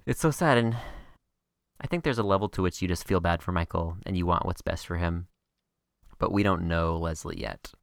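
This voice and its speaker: Wry low-voiced woman podcast co-host. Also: gravelly, dry recording, clean studio sound. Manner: wry, skeptical, fast recaps. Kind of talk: casual chat.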